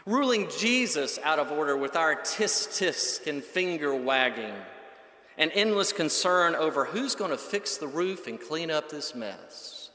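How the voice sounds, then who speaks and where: Male preacher, fairly high bright voice, measured emphatic sermon delivery, roomy echo. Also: lively intonation. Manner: measured, emphatic, builds lists. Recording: echoey hall with long reverb.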